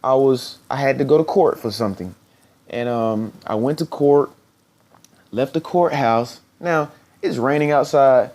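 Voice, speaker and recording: A man giving an earnest motivational talk in a vlog, repeating phrases for emphasis and now and then putting on high, squeaky voices for people he quotes. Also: measured pace, darkish tone. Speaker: motivational speaker.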